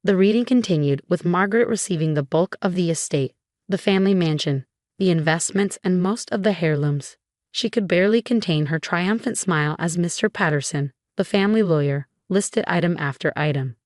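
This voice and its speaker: A woman reading a first-person story as scripted narration, in an even, measured storytelling manner. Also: lowish voice, dry recording, clean studio sound.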